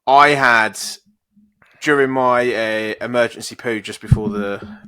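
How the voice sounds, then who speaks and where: A man's voice: mid-range voice, measured pace, pushed and bright, smooth, no echo, clean studio sound. A young man co-hosting a podcast, swearing, teasing and laughing as he talks. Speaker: podcast co-host. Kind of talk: casual chat.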